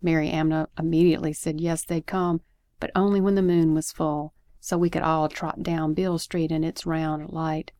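A woman reading her own story aloud, expressive and lively, with asides. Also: low-pitched, moderate pace, no room sound, clean studio sound.

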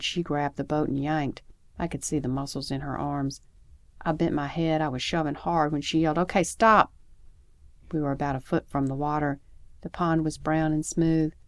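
A woman with a notably low voice narrates a first-person story at a calm, measured pace. Her reading is steady, and the close recording is dry, with no room sound around her. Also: dry recording. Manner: calm, measured storytelling with lively acted dialogue. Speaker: audiobook narrator.

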